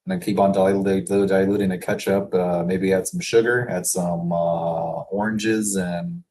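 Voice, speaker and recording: A man in a casual solo work session, thinking aloud and reading quotes slowly, chuckling to himself now and then. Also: low-pitched, flat delivery, warm tone. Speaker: business consultant reading daily quotes.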